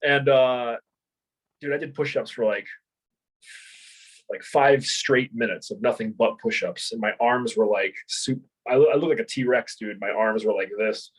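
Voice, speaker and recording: A husky, mid-range voice moves a little slowly as this man in his thirties, an ex-Marine and martial arts instructor, tells stories in an informal interview. His talk rambles, full of fillers, restarts, laughs, and free swearing. The recording is rough.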